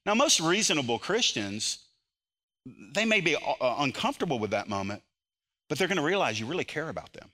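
A man preaching a sermon as pastor, moving between loud, impassioned emphasis and quiet, earnest intensity. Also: on the high side, big pitch swings, fairly quick.

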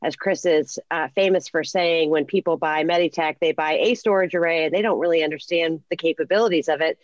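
A woman guest on a podcast, a healthcare solutions specialist, explaining her work in a measured way. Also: deep voice, dry recording, lo-fi sound. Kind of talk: conversational interview.

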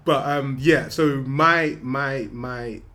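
A man's voice: mid-range voice, slow pace, sharp tone. Easygoing young man chatting about films. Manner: rambling, restarts sentences, laughs often. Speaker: podcast co-host. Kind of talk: casual chat about films.

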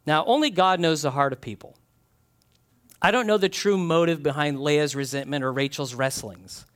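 A male pastor preaching in a fairly high voice that rises and falls a lot. He reads scripture and tells stories with animated little acted-out scenes. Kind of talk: sermon with scripture reading.

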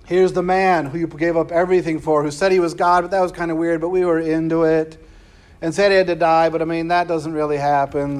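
Higher-voiced male preacher teaching scripture casually, keeps checking in with "right?". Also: little pitch movement, fairly quick. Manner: conversational, peppered with "right?" and slangy asides. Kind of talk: casual Bible class lecture.

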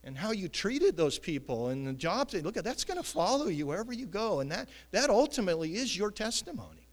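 A man preaching a sermon in an animated way, now and then acting out voices. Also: high-pitched, fairly quick. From United States. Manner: animated, acts out voices, chuckles. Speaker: pastor. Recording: long hall reverb.

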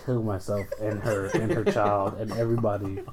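A man in a casual group chat, telling stories bluntly with lots of swearing and dark jokes. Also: on the low side, little pitch movement, moderate pace, a loud crowd. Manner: blunt, profane, joking storyteller.

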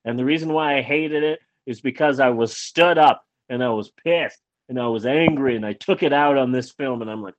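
A man's voice: mid-range voice, fairly quick, hardly any pauses, dry recording, muffled recording. A man casually telling a long personal anecdote as a podcast host, rambling with restarts and acting out what people said. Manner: animated, acts out quoted lines.

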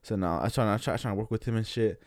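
A man's voice: on the low side, rapid-fire, darkish tone, dry recording, studio quality. A young man telling a long story in casual, slangy chat, rambling with many restarts.

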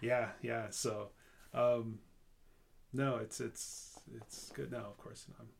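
A man in a casual chat who speaks haltingly and searches for his words, in the role of a medical school mentor. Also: medium pitch, level tone, vocal fry, husky.

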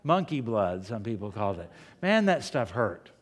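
A man's voice: fairly low pitch, very animated, moderate pace, long reverb tail. A man preaching a sermon from the pulpit, telling folksy stories and asking his listeners rhetorical questions. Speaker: pastor. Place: church sanctuary.

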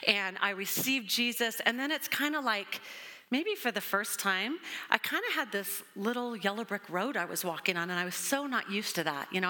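A woman's voice: medium pitch, pushed and bright. A woman in her forties, a pastor, telling her own story in a sermon with earnest storytelling and acted-out quotes. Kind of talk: sermon testimony.

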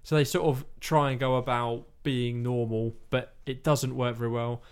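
Man, casual chat, rambling film recap, middle pitch. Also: flat delivery, normal speed, smooth. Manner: rambling storytelling, acts out quotes.

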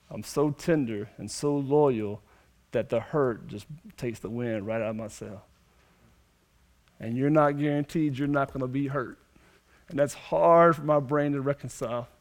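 A young male pastor, preaching a sermon with emphatic, repeated phrases. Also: medium pitch. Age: young adult.

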